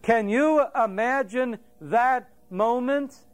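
Middle-aged male pastor, high-pitched, dramatic storytelling sermon delivery. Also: takes it slowly. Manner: storytelling, acts out quotes and crowing.

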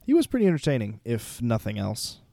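A man's voice: medium pitch, huge pitch swings, a little fast, gravelly, warm tone, dry recording. A young man co-hosting a podcast, teasing with dry wit and laughing easily. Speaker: podcast co-host. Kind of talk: casual chat.

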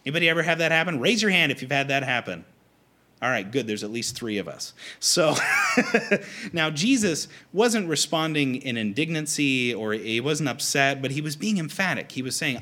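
A man preaching a conversational sermon to a congregation, animated and acting out quoted lines. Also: mid-range voice, moderate pace. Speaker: pastor.

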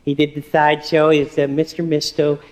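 A man playing a pompous old showbiz magician on stage, answering with halting deadpan nonsense in an improvised comedy bit. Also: a little high, close to an everyday voice. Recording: reverberant live stage recording.

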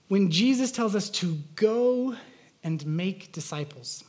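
A male pastor preaching a sermon in a relaxed, conversational way. He talks earnestly and stops to restart his thoughts, with plenty of fillers along the way. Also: high voice, slow.

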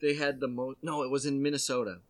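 Man, casual comedy host, rambling and jokey, even middle pitch, slips into quick put-on voices when telling a story.

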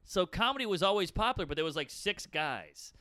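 Man, comedian guest, casual chat, bright clear voice, dry close sound, fast rambling riffs. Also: high-pitched, no echo. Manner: rapid, animated, rambling riffs.

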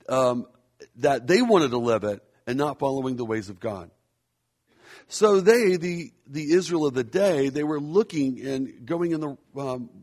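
A pastor with a mid-range voice preaches a sermon earnestly and in a measured way, slowing down to stress key phrases.

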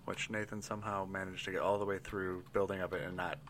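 Relaxed game master narrating a scene. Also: male voice, sits low, fast, a little hiss or hum. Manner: relaxed, loose, with many fillers.

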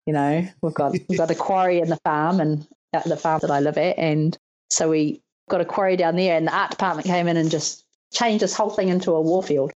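On a low-quality recording, a woman speaks briskly in a low voice. She's a stunt performer in her thirties from New Zealand, animatedly telling stories during a casual interview, laughing often and playing out the words of people she quotes.

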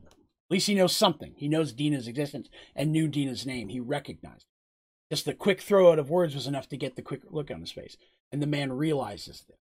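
A man's voice: a little high, husky. A man narrating a tabletop game as game master, in a loose, rambling way.

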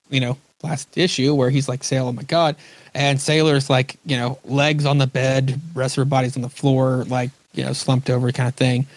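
A man's voice: medium pitch, no echo. A man hosting a podcast, chatting casually and recapping comic scenes in a rambling way. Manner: rambling, recaps scenes, acts out quoted lines. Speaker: podcast host. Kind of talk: casual chat about comics.

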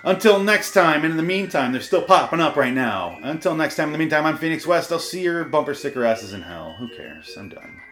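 A man's voice: fairly high pitch, big pitch swings, brisk, few pauses, a bit bright, slight background noise. A man hosting a comedy show, ranting and swearing in mock exasperation, his voice worn out. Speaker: podcast host. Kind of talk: profane comedic rant.

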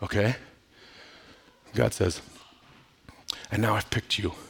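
A man preaching a sermon, swinging from loud, emphatic lines to hushed asides and playful, casual quotes. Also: fairly low pitch, fairly even intonation, slow, vocal fry, slight background noise. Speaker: pastor.

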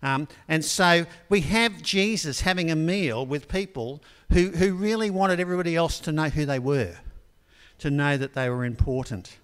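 Older male preacher, slightly high voice, chatty storytelling sermon, long hall reverb. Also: normal speed, fairly bright tone, clear, resonant tone. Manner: conversational storytelling with frequent ums.

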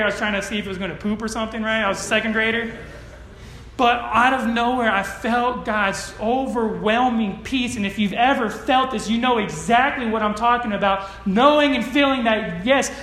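A man's voice: extremely high pitch, bright, forceful tone. A male pastor preaching a sermon to a congregation, moving from earnest storytelling to emphatic declarations. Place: church sanctuary with congregation. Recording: roomy church echo.

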